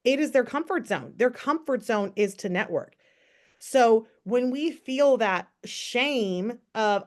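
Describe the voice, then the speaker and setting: A woman's voice: a little high, animated, slow pace, a little mellow. Woman, upbeat coaching tone, casual training call, rhetorical questions. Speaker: network marketing team trainer.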